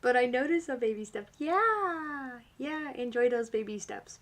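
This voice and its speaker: Woman, tarot reader host, chatty and encouraging, bright voice. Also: high voice, lively intonation, measured pace. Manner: chatty, filler-heavy, encouraging. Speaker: tarot reader hosting a live stream. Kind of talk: casual live-stream tarot reading.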